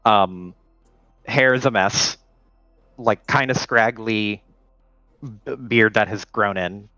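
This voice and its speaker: A man's voice: on the low side, slow, pushed and bright, no echo, lo-fi sound. A man narrating a tabletop game as its game master, taking his time and leaning on fillers. His voice sounds dry and close to the mic. Faint music plays behind him. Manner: loose, filler-heavy narration.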